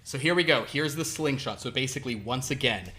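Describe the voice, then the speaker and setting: A man's voice: mid-range voice, fairly quick, heavy background noise. A man narrating as game master of a tabletop role-playing game, rambling with many fillers. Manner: rambling, full of ums and uhs, chuckling.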